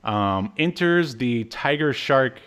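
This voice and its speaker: A man of ordinary pitch co-hosts a casual podcast, talking through an old cartoon's plot. He rambles loosely, leaning on "uh" and "um", and drops dry, wry asides along the way. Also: animated, slow pace, fairly bright tone, clear, resonant tone. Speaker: podcast co-host. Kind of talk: casual chat recapping a cartoon.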